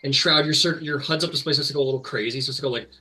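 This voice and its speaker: A man's voice: medium pitch, rapid-fire, pushed and bright, rough recording. A man narrating as game master, rambling with many fillers and restarts.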